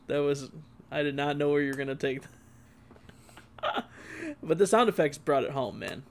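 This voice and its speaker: Man co-host, fairly high voice, dry reactions, reads emails aloud, casual podcast chat. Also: moderate pace. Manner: dry reactions, steers the show back on track.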